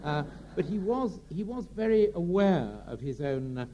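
A male raconteur spins theatrical anecdotes in a chatty, halting way. His voice sits fairly high but sounds mellow and warm. He pauses often with fillers. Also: animated, highs cut off, a little hiss or hum. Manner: chatty, hesitant with many fillers. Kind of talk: anecdote telling.

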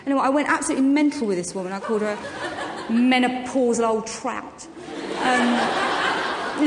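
A woman telling anecdotes on stage in an interview, full of ums and quick laughs. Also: a little high, background noise. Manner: chatty anecdotal storytelling with frequent ums and laughs. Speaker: guest actress and comedian. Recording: echoey hall with long reverb, faint ambience.

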